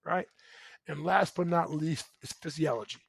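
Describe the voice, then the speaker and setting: A middle-aged relationship coach and show host gives a motivational talk in a high, ringing voice, loud and emphatic, with vocal fry and a slightly rough edge. He keeps checking in with a quick "right?" The low-quality recording is dry and close, with no room sound.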